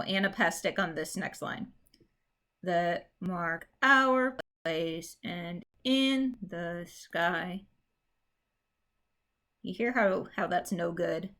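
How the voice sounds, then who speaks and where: A woman teacher talks through a recorded lesson on poetic meter at an unhurried, measured pace. She explains patiently with the odd filler. When she reads verse aloud, she draws out the stressed beats. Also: medium pitch, a bit bright. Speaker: English teacher.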